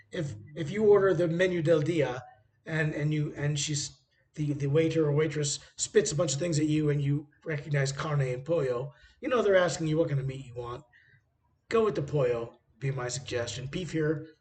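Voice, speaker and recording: A man's voice: on the high side, a little mellow. A man vlogging casually from a hotel room by a busy street, rambling through travel anecdotes with frequent hesitations.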